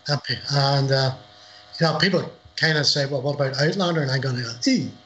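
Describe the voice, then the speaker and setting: Rambling bright-voiced middle-aged man. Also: medium pitch, a little fast, lo-fi sound. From Northern Ireland. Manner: rambling, repeats words, laughs at own stories. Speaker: author guest. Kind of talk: casual interview chat. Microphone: livestream video call.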